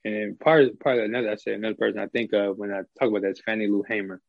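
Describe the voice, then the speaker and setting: A podcast guest, a middle-aged man, talks through ideas casually in a lowish, creaky voice, racing along in a steady tone with many fillers and restarts. The recording has no room sound and its highs are cut off.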